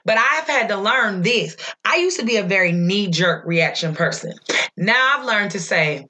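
A woman in candid casual conversation, blunt and profane, telling stories in an animated way. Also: mid-range voice, normal speed.

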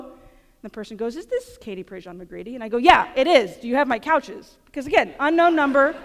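Catholic speaker, woman, 30s, high voice, lively self-deprecating storyteller, reverberant auditorium sound. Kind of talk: storytelling conference talk. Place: large auditorium. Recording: long hall reverb in an auditorium.

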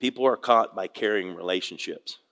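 An older man preaching a sermon, a pastor telling a fishing story with folksy, animated delivery and acting out the voices of the people in it. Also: sits low, moderate pace, big-room sound. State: tearful at moments.

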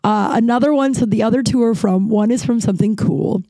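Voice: mid-range voice, brisk, creaky, dark tone, no room sound. A podcast host telling a travel story in a casual, rambling way, full of restarts and filler words, swearing freely.

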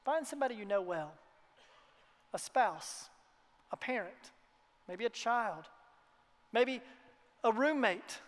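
A man preaching a sermon to his congregation in a church, earnest, sometimes dropping to a hushed tone for emphasis. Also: very high-pitched, lively intonation, slow pace, long pauses. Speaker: pastor. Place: church hall. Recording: long hall reverb.

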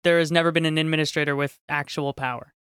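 A man's voice: on the high side, steady tone, quick pace, fairly bright tone, clear, resonant tone. A man hosting a casual podcast conversation, agreeable and chiming in briefly.

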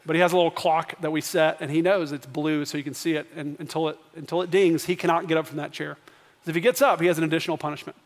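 In a reverberant church sanctuary, a thirties-aged pastor preaches quickly in a steady, rather high voice. He shares family stories in a conversational style before building to emphatic questions.

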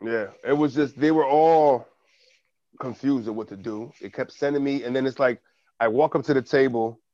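A man's voice: medium pitch, normal speed, dry recording. Muffled man telling a story, cursing. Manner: animated storytelling with profanity. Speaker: podcast co-host. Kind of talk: casual chat.

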